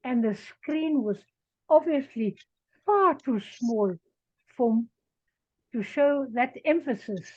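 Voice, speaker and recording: A woman giving an evaluation at an online club meeting, speaking in measured short phrases over a video call. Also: sits high, animated, a little mellow, no room sound. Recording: dry, dull video call audio.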